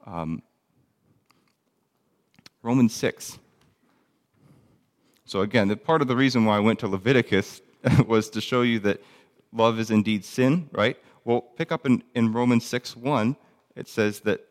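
A man's voice: on the low side, measured pace, pauses often, long reverb tail. A man teaching a Bible lesson in a conversational way, reading verses aloud between plain explanations with frequent ums and restarts.

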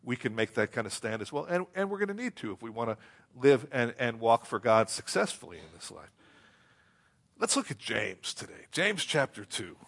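A male pastor preaching a sermon in a conversational way, asking rhetorical questions, repeating phrases and slowing down to read scripture. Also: medium pitch, big pitch swings, gravelly, fairly bright tone.

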